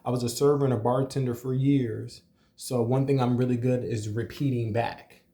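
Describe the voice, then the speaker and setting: A man's voice: medium pitch, steady tone, normal speed, dark tone. A young adult man who works as a cook, casually telling a personal story in a conversational way, with many "you know" fillers. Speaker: restaurant cook.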